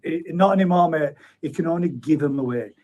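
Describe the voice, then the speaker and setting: High-voiced man chatting on stream. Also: a little fast, a little mellow, dull audio. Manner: chatty and matey, chuckles often. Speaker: live stream host. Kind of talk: casual live chat, reading out viewer comments. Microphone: streaming setup at a computer.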